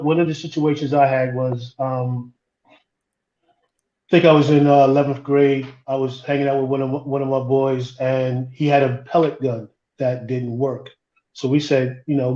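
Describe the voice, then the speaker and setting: A man, a podcast co-host, tells a personal story in a group discussion, halting and repeating words as he goes. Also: mid-range voice, steady tone, dark tone, roomy sound, muffled recording.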